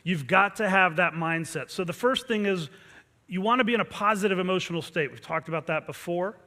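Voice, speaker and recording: A man with a high, ringing voice delivers a fired-up pep talk as a martial arts instructor, pushing his class to chant with intensity. His words bounce around a big hall with a long echo. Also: fairly quick, sharp tone. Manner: intense, urging call-and-response chants. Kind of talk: motivational pep talk to students. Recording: long reverb from a large hall.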